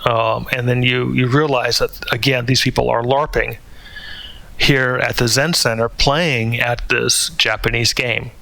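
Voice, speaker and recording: Man, gravelly voice, bright tone, hesitant commentary full of fillers, dry close sound. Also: medium pitch, fairly even intonation, unhurried, dry recording. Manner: hesitant, many fillers and restarts. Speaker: channel host. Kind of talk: spoken commentary.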